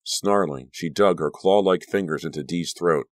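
A man's voice: low voice, moderate pace, no room sound. A man narrating a horror audiobook with an intense, vivid reading.

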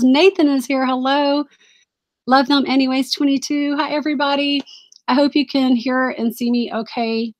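A woman hosting a casual live stream, chatty, apologetic and easily distracted, gushing over items she is shown. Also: sits high.

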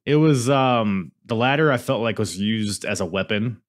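Man, low voice, very animated pitch, casual podcast co-host, laughs a lot. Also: normal speed. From Asian heritage. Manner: lively, laughs often, recaps matches. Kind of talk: casual chat.

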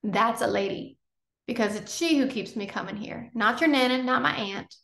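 A woman's voice: a little high, normal speed, creaky, fairly bright tone. A woman voicing an earnest, pleading male teacher. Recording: roomy echo.

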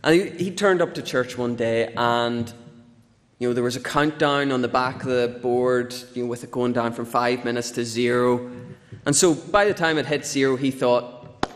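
A man preaching in church, leading prayer in an earnest, steady way and chatting informally between songs. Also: medium pitch, normal speed. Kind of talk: leading prayer and a sermon introduction. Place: church sanctuary. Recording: long church reverb.

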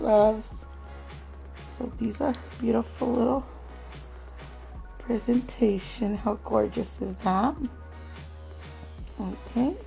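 A woman hosting a craft swap unboxing vlog at home, talking slowly and gently and calling viewers "love" again and again. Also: mid-range voice, creaky, poor audio. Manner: slow, gentle, calls viewers "love" often.

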